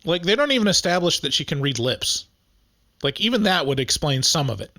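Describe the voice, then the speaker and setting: A man co-hosting a podcast in casual chat. He laughs often and fills pauses with "like" and "um.". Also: a little high, sing-song, sharp tone, no room sound, clean studio sound. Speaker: podcast co-host.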